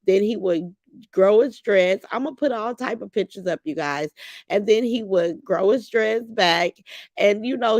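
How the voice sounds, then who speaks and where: A woman's voice: mid-range voice, gravelly, dry recording. A middle-aged woman hosting a livestream, reading viewer comments aloud and reminiscing with emotion about her late son. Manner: emotional, reminiscing, warmly addresses viewers as "y'all". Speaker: livestream host.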